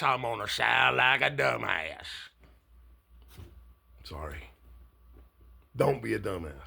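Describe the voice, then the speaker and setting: This Cuban-born candidate has a gravelly voice and speaks bluntly and profanely about politics, his monologue lurching from low asides into outright shouting.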